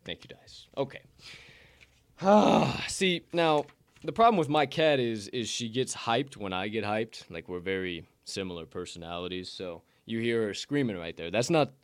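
A man from Chicago hosting a casual betting podcast at home, excitable and rambling, swearing freely and breaking off to scold his cat. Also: on the low side, moderate pace, clean tone, dry recording. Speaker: sports betting podcast host. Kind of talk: casual solo live-stream talk. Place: home condo.

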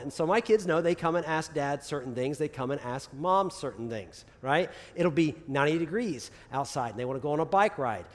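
A male pastor preaching a sermon in a conversational style, peppered with "right?" asides and building to loud urging. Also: on the high side, lively intonation, brisk, hardly any pauses. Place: church sanctuary. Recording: long hall reverb.

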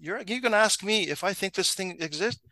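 A middle-aged man casually telling a long funny story, animated and laughing, acting out the people in it. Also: high voice, fairly quick, dry recording. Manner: animated, laughing, acts out the people in his stories.

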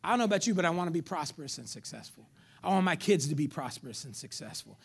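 Fiery, high-pitched preacher with a gravelly edge. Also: male voice, quick pace. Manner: animated preaching, rising to loud calls then dropping to near whispers; casual street slang. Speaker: pastor. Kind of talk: sermon.

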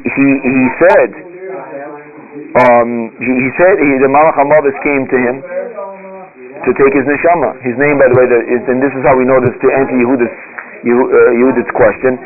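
A man teaching a religious text class, reading passages aloud and translating them line by line in a halting, repetitive way. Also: mid-range voice. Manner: halting, repeats words while translating aloud. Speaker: Torah teacher. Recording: phone-like radio broadcast.

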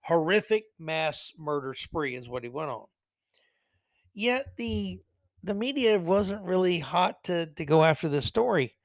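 A man's voice: on the high side, animated, unhurried, no room sound. A man hosting a podcast, giving sarcastic, rambling opinion commentary. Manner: sarcastic, rambling, self-correcting. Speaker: podcast host.

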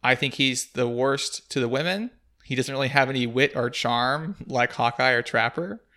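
Bright, clear-voiced man hosting a podcast. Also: mid-range voice, normal speed. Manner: thoughtful, analytical, asks leading questions. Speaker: podcast host. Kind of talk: casual film discussion.

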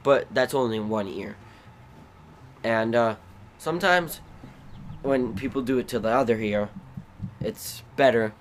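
A man hosting a podcast, telling rambling, animated stories about his family. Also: medium pitch, unhurried, pauses often, slight background noise. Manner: rambling, animated, bursts into loud acted shrieks. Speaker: podcast host. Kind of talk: casual storytelling.

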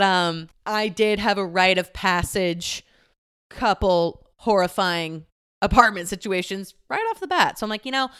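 A young adult woman hosting her own podcast, talking casually about personal mishaps. Her voice is smooth and clear, at an ordinary pitch for a woman. She tells her stories in an animated way, laughing often and dropping the odd curse. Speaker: podcast host. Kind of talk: candid personal storytelling.

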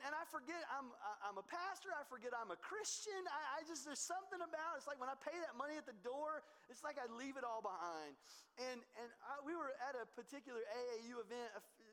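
A middle-aged man preaching a sermon as pastor, telling a personal story emphatically and stumbling over repeated words when excited. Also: very high voice. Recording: long hall reverb.

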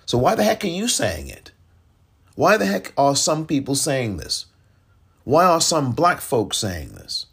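Male political podcast host, husky, animated delivery, exasperated, mocking. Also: medium pitch, measured pace. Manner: fiery, exasperated, mocking others in put-on voices. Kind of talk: impassioned political commentary.

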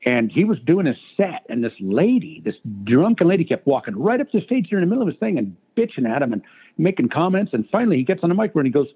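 A man's voice: a little high, very animated, quick pace, slightly rough. A man, a stand-up comedian, telling profane anecdotes in casual chat as a guest. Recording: tinny phone-line sound.

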